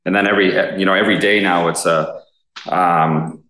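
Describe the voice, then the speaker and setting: A man's voice: low voice, fairly even intonation, moderate pace, pushed and bright, roomy sound, rough recording. A man, a police officer in his thirties, telling stories in a casual interview, rambling with lots of fillers and swearing. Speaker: police officer, SWAT guest.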